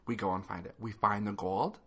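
A man's voice: fairly low pitch, fairly even intonation, brisk. A man co-hosting a podcast in casual chat, with dry, matter-of-fact remarks. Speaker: podcast co-host.

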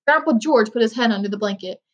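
A woman reading a children's book aloud, steady and even, with small slips now and then. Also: a little high, quick pace, highs cut off. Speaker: reader.

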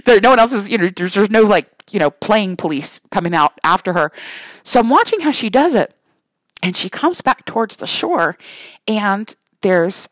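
Chatty mom with a lively voice. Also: female voice, mid-range voice, no echo, rough recording. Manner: rambling with many restarts, self-deprecating, laughing. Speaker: mother telling a story. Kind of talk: casual storytelling.

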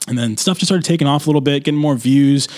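A young man, host of his own show, telling his story casually and rambling, with lots of fillers and animated quoted asides. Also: a little high, fast. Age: young adult.

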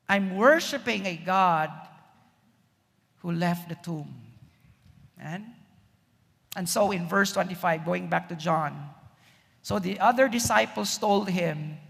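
A man's voice: high voice, gravelly, fairly bright tone. A man preaching a sermon as pastor, emphatic, often asking the congregation rhetorical questions. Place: church. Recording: reverberant church hall.

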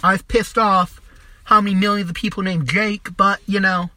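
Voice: medium pitch, fairly even intonation, normal speed, bright, forceful tone. A young adult podcast host delivering a crude, mocking comedic rant, swearing constantly and trailing off into restarts.

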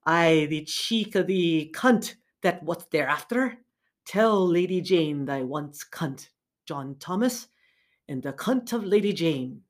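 A woman voicing a rough rural gamekeeper, a man speaking broad Northern English dialect in a slow, teasing drawl. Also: a little high, expressive.

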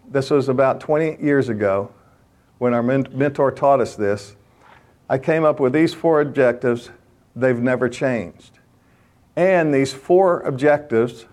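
A man's voice: mid-range voice, darkish tone. Older guy preaching to a room of men, chatty storyteller, punchy and direct. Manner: conversational storytelling, emphatic and direct. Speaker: speaker addressing a men's gathering. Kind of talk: motivational faith talk.

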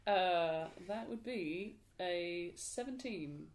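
A woman playing a tabletop game, describing her moves excitedly. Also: lowish voice, extremely slow, reverberant, a little hiss or hum. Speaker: player. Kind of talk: casual tabletop play.

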